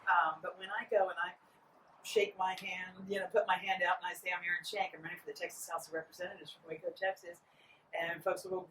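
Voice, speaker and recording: A woman's voice: on the low side, fast talker, reverberant. A middle-aged woman running for office, speaking earnestly and pleading with listeners in an interview. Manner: earnest, pleading, quotes people in lively voices. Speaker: political candidate. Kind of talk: campaign interview. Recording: distant mic with faint noise.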